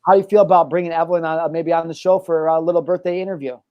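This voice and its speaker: A man's voice: a little high, fairly even intonation, very fast, no echo, dull audio. Joking man hosting, dry close mic. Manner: joking, playfully mock-serious. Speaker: host. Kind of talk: casual podcast banter.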